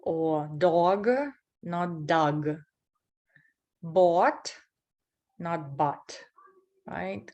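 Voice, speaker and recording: Woman teacher going really slow, lowish voice, repeating words so you can copy them. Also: darkish tone. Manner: slow, deliberate, repeats words to model sounds. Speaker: English teacher. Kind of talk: pronunciation lesson.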